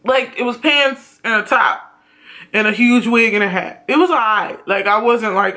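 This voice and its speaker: A man giving a blunt, profane, animated ranting review on his vlog. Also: extremely high pitch, normal speed. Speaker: YouTube reviewer.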